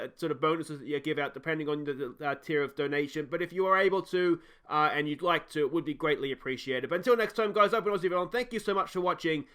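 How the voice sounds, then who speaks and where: A man's voice: a little high, fairly bright tone. An Australian man commentating his own baseball video game with emotional play-by-play, urging and scolding his players. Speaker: let's play gamer and commentator.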